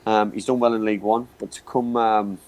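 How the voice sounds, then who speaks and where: A man's voice: on the low side, little pitch movement, brisk, a little mellow, highs cut off. A man hosting a football podcast in casual chat, stammering and repeating words as he talks. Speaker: podcast host.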